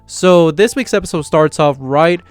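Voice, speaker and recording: A man's voice: on the high side, moderate pace, no room sound, faint music behind. A man hosting his own anime review channel, recapping an episode in a casual, rambling way full of "you know" and "like". He often stumbles and restarts mid-word.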